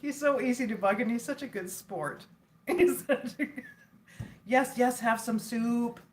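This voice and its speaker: A woman chats easily with her viewers on a casual livestream and breaks into giggles often. Her voice sits fairly high, and she takes her time with her words, speaking close to a phone or webcam. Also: a little slow, a little hiss or hum. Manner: chatty and giggly, laughs often. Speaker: livestream host chatting with viewers.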